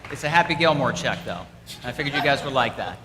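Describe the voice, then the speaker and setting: Fast and animated, a middle-aged donor with a mid-range voice rallies students in a school hall, repeating his key words emphatically. Crowd noise accompanies him, along with the hall's echo and faint room noise.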